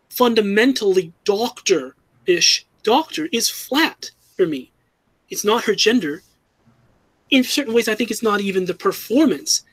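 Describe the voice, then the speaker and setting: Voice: medium pitch, breathy edge, no room sound, rough recording. A fan commentator giving an earnest, critical opinion, often restarting and correcting themselves mid-sentence.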